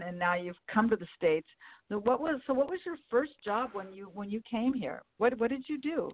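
A woman's voice: medium pitch, no echo. A woman hosting a podcast interview, upbeat and welcoming as she introduces her guest and asks questions. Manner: upbeat and welcoming, with some self-interrupting restarts. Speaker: podcast host. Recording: dry, phone-like line.

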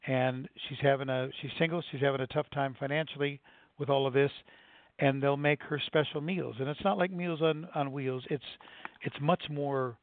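A man's voice: medium pitch, steady tone, normal speed. Older guy telling a story kinda earnestly, lots of restarts, sounds like a phone line. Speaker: nonprofit executive director. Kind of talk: conversational interview answers. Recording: dry, tinny phone-like sound.

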